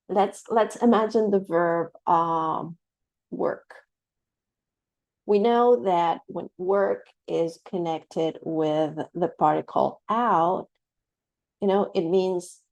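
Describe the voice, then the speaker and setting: A woman's voice: fairly low pitch, gravelly, a little mellow, dry recording, poor audio. A woman teaching a pronunciation lesson to camera, explaining patiently and often checking in with "right?". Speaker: English teacher.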